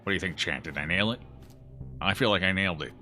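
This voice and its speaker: A man's voice: deep voice, quick pace, over music. A man giving casual, joking commentary while playing a game and reading its text aloud. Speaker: gaming video host.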